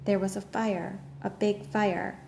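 A grief-stricken middle-aged father, as a woman reads him in an audiobook, with a gravelly, mumbling voice. He speaks haltingly and apologetically, breaking off in the middle of sentences. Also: mid-range voice, level tone, warm tone, slight background noise. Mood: grieving. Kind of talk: audiobook narration.

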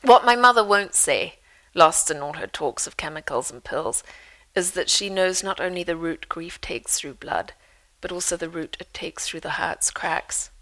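Brief: author reading her own memoir, lower-pitched woman, lively storyteller. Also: moderate pace, low-quality recording. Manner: lively storyteller, dry humor.

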